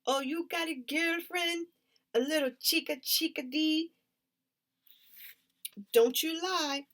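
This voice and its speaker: Storybook: a woman plays a bouncy, sassy 11-year-old girl, high singsong teasing. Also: steady tone, slow, a bit bright. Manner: high, teasing singsong, sprinkles Spanish words.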